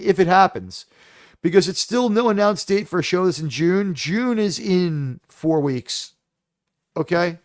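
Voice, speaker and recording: A man hosting a livestream, ranting casually about shows and films in a profane, exasperated, animated way. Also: high voice, no echo, studio quality. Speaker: livestream host.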